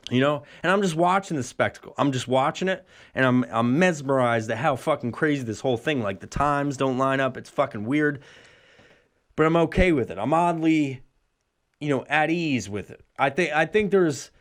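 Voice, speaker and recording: A man in his thirties, a podcast host, telling a profane, exaggerated comic story in a solo rambling monologue. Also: moderate pace. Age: 30s. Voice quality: profane, exaggerated storytelling with bursts of high put-on voices.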